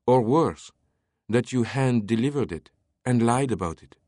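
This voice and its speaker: A man voicing a sharp, probing young woman with a pointed, questioning manner. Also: medium pitch, animated, measured pace, no room sound, clean studio sound, voice pushed up.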